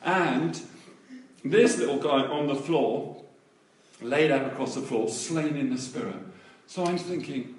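A man preaching, telling a testimony story with animated delivery and acted-out voices. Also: medium pitch, a little slow. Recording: echoey room, voice from a distance.

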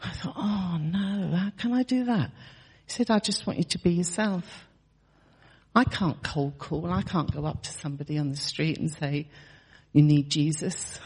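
A woman's voice: fairly low pitch, moderate pace, darkish tone, breathy edge, in a large hall. A woman in her sixties telling a personal testimony in a chatty storytelling way, laughing often and restarting her sentences. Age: 60s. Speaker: church member sharing testimony.

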